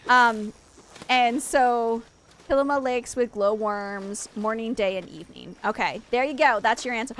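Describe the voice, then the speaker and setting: A woman's voice: on the high side, moderate pace, fairly bright tone. A young adult woman hosting a game stream, talking in a loose, rambling way with lots of "like" and restarts. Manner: rambling, heavy use of "like", frequent restarts. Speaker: streamer, host. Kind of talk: casual chat while playing a game.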